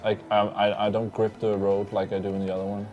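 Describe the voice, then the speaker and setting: A man's voice: fairly low pitch, completely flat delivery, fast talker, a little mellow, lo-fi sound. A man playing a racing game on a livestream, chatting casually and mocking himself with a laugh. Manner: joking, self-mocking, laughs often. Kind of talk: casual gaming banter.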